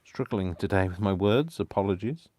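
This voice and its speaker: A man's voice: deep voice, normal speed, a little mellow, dry recording. A man hosting a live crafting stream, rambling and talking to himself with a lot of apologies as he works. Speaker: craft channel host. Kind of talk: casual live crafting chat.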